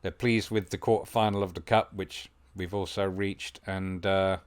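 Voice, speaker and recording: A man commentating on his football management game, musing quietly and then breaking into excited play-by-play. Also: deep voice, moderate pace, clear, resonant tone. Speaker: gaming video host. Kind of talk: gameplay commentary.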